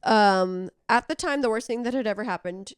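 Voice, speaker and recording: A woman's voice: on the high side, smooth, no room sound, clean studio sound. A young adult woman from Missouri co-hosting a podcast, playful in casual chat. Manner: playful, quick interjections. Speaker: podcast co-host.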